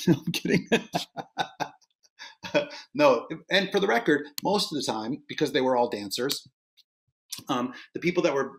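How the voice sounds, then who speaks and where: A middle-aged man giving a casual, story-filled talk as a dance instructor, animated and chatty with frequent restarts and fillers. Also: mid-range voice. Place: home set-up for an online event.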